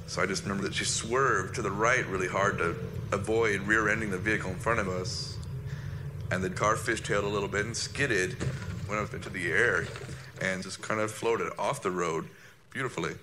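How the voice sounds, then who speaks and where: A man, a former soldier recounting an incident in a halting, reflective personal monologue. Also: on the low side, background noise.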